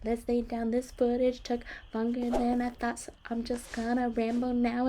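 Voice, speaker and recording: A woman's voice: fairly high pitch, moderate pace, hardly any pauses, slight background noise. A woman casually narrating a life-sim game with playful, sarcastic jokes. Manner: gets loud and excited. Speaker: let's play creator.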